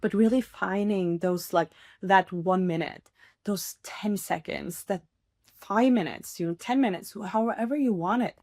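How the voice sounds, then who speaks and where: Woman hosting her own podcast, earnest and encouraging, mid pitch, chatty, laughs a lot. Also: measured pace, darkish tone, dry recording, studio quality. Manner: earnest, encouraging, laughs often, many fillers. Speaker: podcast host. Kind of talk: casual solo podcast talk.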